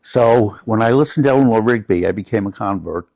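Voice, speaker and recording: A man's voice: lowish voice, a little fast, gravelly, a little mellow, a little hiss or hum, poor audio. An older man from the United States, a guest in an interview, telling personal stories in a reflective, anecdotal way.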